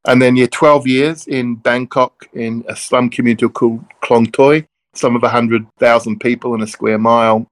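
A middle-aged man from Melbourne, a minister, telling stories in a relaxed conversational way that wanders off on tangents with self-deprecating jokes. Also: mid-range voice, moderate pace. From Melbourne, Australia. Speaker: interview guest, Church of Christ minister.

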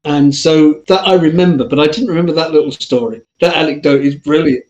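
Man reminiscing, slightly high voice. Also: a little fast, dull audio. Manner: warm reminiscing, laughs often. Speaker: podcast guest. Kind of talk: casual chat.

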